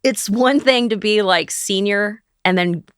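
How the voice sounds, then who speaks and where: A woman's voice: medium pitch, unhurried, clean tone, no echo, studio quality. A middle-aged woman from St. Louis, a guest in an interview, telling her story casually and acting out the voices of people she quotes. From St. Louis, USA. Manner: animated, acts out quoted dialogue.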